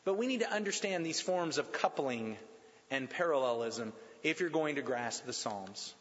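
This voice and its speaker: A man preaching a sermon in an animated, emphatic way, slowing down and repeating lines to drive points home. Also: mid-range voice. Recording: dull sound with long hall reverb.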